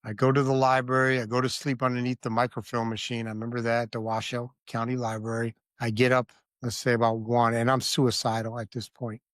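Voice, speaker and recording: A man's voice: medium pitch, little pitch movement, fairly quick, few pauses, a bit bright, no echo. A man in mid-range tells his own story as a podcast guest. He is blunt and vivid, and often stops to ask if the listener is with him. The room sound is dry and close. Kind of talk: candid personal storytelling.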